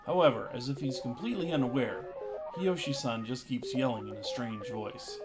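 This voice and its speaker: A male streamer reading a visual novel aloud, his voice sitting at an ordinary middle pitch. He breaks in now and then with dry, jokey asides. Music plays steadily behind the narration. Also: moderate pace.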